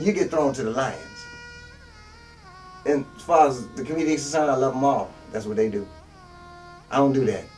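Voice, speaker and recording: This older man's voice is lowish and a little mellow as he preaches profanely and bluntly on the street, a self-appointed minister speaking from years of experience. The recording comes from a distant mic, with faint music in the background.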